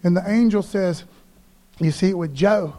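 Man, preacher, high voice, casual animated sermon, church. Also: normal speed.

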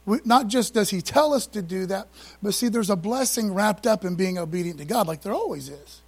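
Excitable high-voiced husky preacher man. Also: a little fast. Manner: casual, conversational preaching with slang and asides; excitable, speeds up when fired up. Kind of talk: sermon.

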